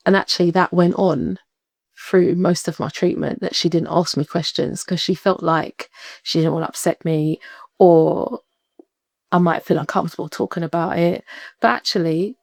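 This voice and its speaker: A woman, a podcast guest telling a personal story in lively conversation, acting out what people said and laughing often. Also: lowish voice, moderate pace, vocal fry, no room sound, clean studio sound. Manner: animated, acts out quoted voices, laughs often.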